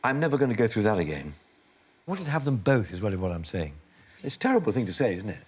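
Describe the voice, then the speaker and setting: A man's voice: fairly low pitch, sing-song, fast talker, breathy edge. A man in his sixties, an actor, talking candidly in an interview, reflective and self-deprecating, often laughing at himself. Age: 60s.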